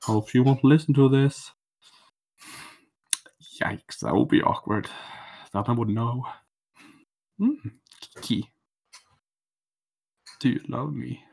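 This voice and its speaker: A man's voice: medium pitch, takes it slowly, creaky, pauses often, a little mellow, husky. A man hosting a podcast, talking in a playful, mock-romantic and theatrical way. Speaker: podcast co-host. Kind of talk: joking podcast monologue. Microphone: studio microphone.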